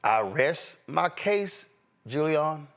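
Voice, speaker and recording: Emphatic high-voiced male political host. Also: very animated, very slow, vocal fry, fairly bright tone. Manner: emphatic, preacher-like cadence, cutting. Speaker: show host. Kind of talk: heated political commentary.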